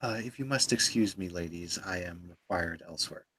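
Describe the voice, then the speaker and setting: A man's voice: sits low, moderate pace, fairly bright tone, breathy edge, dry recording. A man voicing a stern, formal military commander who speaks politely with hesitant fillers.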